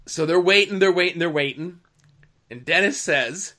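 A man's voice: high voice, moderate pace. A man telling wrestling backstage stories in casual podcast chat, with sly asides. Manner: animated storyteller, sly asides.

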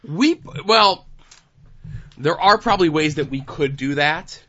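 A man's voice: on the high side, expressive, unhurried, pushed and bright, highs cut off. A man hosting a podcast in casual chat, trading dry, teasing banter with his co-host.

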